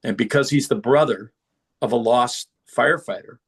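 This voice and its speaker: A middle-aged man, a podcast guest, telling stories in a casual, animated way and acting out the voices of people he quotes. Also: medium pitch, normal speed, husky. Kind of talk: casual storytelling.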